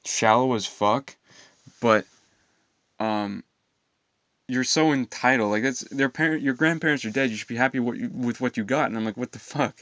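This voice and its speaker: A young man telling a rambling personal story in an aggrieved, profane way, halting with fillers. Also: mid-range voice, fairly bright tone, no room sound, highs cut off. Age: young adult. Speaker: vlogger.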